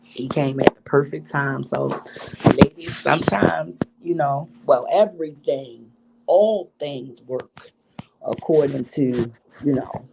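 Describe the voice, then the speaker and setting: Woman vlogger, middle-aged, raspy fry, cusses freely, preaches hard lessons, faint hiss behind. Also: extremely low pitch, slow. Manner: profane, emphatic, preachy. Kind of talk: candid storytelling monologue.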